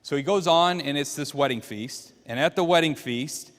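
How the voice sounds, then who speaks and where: A man's voice: a little high, normal speed, fairly bright tone, in a large hall. A man teaching a Bible class, walking listeners through the story by quizzing them with questions. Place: church classroom.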